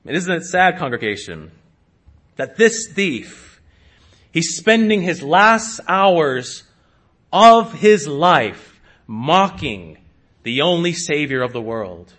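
Slow, high-voiced preaching man. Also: big pitch swings. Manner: slow, emphatic preaching with sharp rises in pitch and volume. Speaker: pastor. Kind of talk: sermon.

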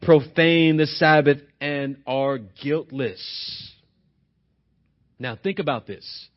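Husky-voiced man preaching emphatically. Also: high-pitched, highs cut off. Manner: emphatic preaching with rhetorical questions. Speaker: pastor. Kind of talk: sermon.

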